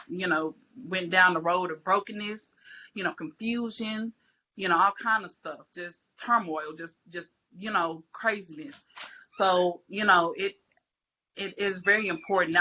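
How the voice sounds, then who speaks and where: A woman's voice: mid-range voice, bright, forceful tone. A woman, talking on a faith podcast in an emphatic, preachy way and repeating phrases for stress. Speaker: podcast panelist. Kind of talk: casual faith talk. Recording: muffled lo-fi audio.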